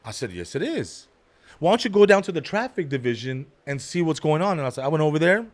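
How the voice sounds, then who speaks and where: A man's voice: animated, brisk. A man hosting a comedy podcast, telling a story with street slang and acting out every person in it with big swings in volume. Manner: acts out every character with big jumps in pitch and volume; street slang, calls people "dog" and "bro".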